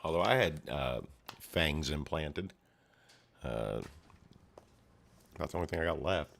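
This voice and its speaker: A man's voice: very deep voice, lively intonation, a little slow, vocal fry, fairly bright tone, slight background noise. A man giving casual, rambling commentary while reading a comic aloud, making his own sound effects. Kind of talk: casual read-along commentary.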